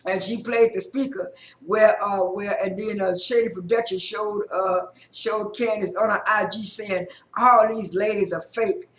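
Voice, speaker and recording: A woman's voice: medium pitch, fairly even intonation, unhurried. A woman giving a casual spoken recap of a TV episode, rambling with frequent repeats and restarts. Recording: roomy echo.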